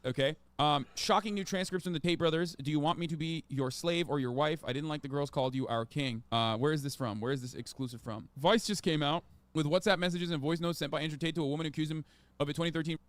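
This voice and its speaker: A man reading news articles aloud and reacting, incredulous and excitable, in slangy casual speech. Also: on the high side, quick pace, no room sound. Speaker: streamer commentator.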